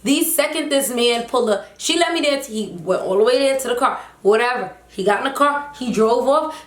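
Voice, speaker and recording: A young woman vlogger telling a story in a casual, animated, slangy and emphatic way. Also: high-pitched, moderate pace, few pauses. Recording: roomy echo.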